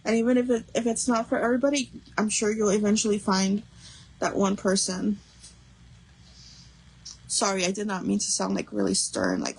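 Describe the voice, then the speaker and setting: A woman's voice: mid-range voice, animated, moderate pace, creaky, long pauses, slightly rough, rough recording. A young adult woman hosting a craft livestream, chatting casually and rambling with lots of fillers while she works.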